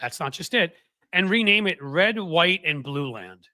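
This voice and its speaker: Sarcastic bright-voiced male political host. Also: fairly high pitch, measured pace, no room sound. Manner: sarcastic, rambling, animated. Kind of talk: casual political chat.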